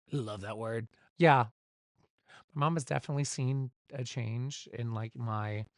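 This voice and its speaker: A man's voice: medium pitch, gravelly, no echo, clean studio sound. A man hosting his own solo podcast, chatting without a script in a rambling, candid way and swearing casually, recorded at home. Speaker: podcast host. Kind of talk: unscripted solo podcast chat.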